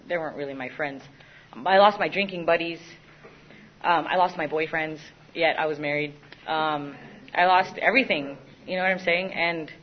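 A young woman giving a candid, self-mocking personal recovery testimony, often stopping and restarting her sentences. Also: low-pitched. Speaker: recovery speaker. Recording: dull lo-fi recording.

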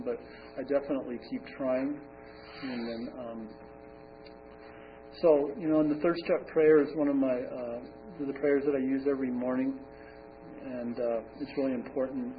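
A man talks through his recovery story at a support meeting, rambling and conversational, with lots of fillers and restarts. His voice sits at an ordinary middle pitch. He is heard from across the room on a thin, phone-like recording with a faint hum behind him. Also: distant mic. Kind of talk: personal recovery talk.

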